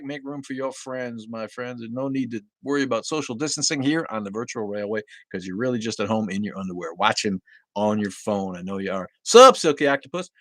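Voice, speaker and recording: A man hosting a casual livestream from home, greeting viewers loudly, coughing often and swearing casually. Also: mid-range voice, no echo. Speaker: livestream host. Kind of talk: casual livestream chat reading viewer comments. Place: at home with a dog nearby.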